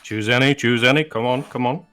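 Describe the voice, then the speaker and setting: A man voicing a small gnome who magically booms like a carnival card-trick showman, barking patter at a crowd. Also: fairly quick, bright, forceful tone, smooth, soft background music, lightly acted. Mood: showy, coaxing.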